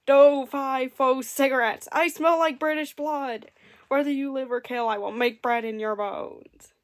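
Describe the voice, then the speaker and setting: A woman voicing a huge, angry male giant who roars his lines slowly and loudly. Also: mid-range voice, natural voice. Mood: booming. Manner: roaring, slow and loud.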